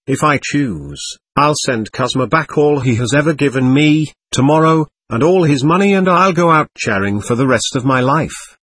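A man's voice: mid-range voice, animated, normal speed, hardly any pauses, a bit bright, husky, dry recording. A man reading the lines of a passionate, volatile young woman, proud and wounded, whose tone swings between tenderness and scorn. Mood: defiant.

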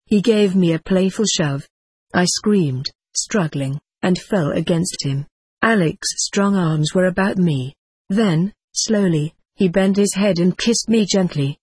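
A woman narrates an audiobook memoir in a low, husky voice, reading in a measured, steady way. The recording is close and dry, with no room sound.

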